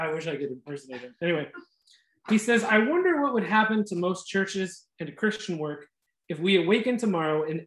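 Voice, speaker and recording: A man giving an earnest, reflective talk at a Christian study community, pausing for restarts and asides. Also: high voice, reverberant.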